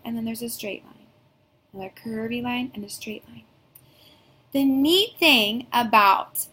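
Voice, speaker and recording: Kindergarten teacher, woman, young adult, bright higher voice, sing-song and patient. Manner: slow, sing-song teacher talk with drawn-out sounds and call-and-response prompts. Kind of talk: recorded classroom phonics lesson.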